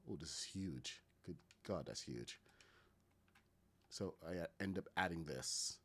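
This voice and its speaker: A man's voice: sits low, unhurried, a bit bright, slightly rough. A man with a Caribbean accent giving casual commentary, thinking aloud and talking to his chat while building in a game. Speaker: gaming streamer.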